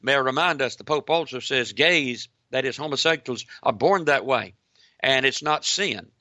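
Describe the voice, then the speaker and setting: A man, a pastor, preaching a sermon, repeating phrases for emphasis and often addressing the listeners as ladies and gentlemen. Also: medium pitch, normal speed, dry recording.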